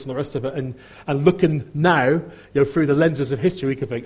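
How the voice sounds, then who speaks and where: A man's voice: mid-range voice, fairly even intonation, rapid-fire, darkish tone, husky. A middle-aged man from Norfolk with a Norfolk accent, preaching a sermon in a chatty, humorous way, often repeating and restarting his phrases. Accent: Norfolk English. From Norfolk, England.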